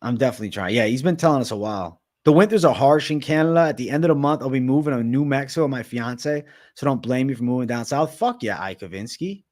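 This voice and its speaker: This young man from Massachusetts hosts a livestream where he swears nonstop, talks loosely, and reads viewer comments aloud. His medium-pitched voice is a little mellow and lively, quick-paced with few pauses.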